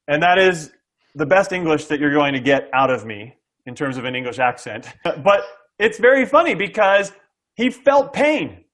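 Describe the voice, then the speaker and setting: His voice is fairly high and a bit bright, swinging widely in pitch at a moderate pace. A middle-aged SaaS sales coach and guest, he energetically explains sales tactics to an interviewer, acting out buyer dialogue and frequently asking "okay?".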